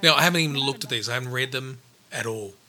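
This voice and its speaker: A man hosting a podcast in casual chat, reacting quickly and cutting in. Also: medium pitch, pushed and bright. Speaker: podcast host.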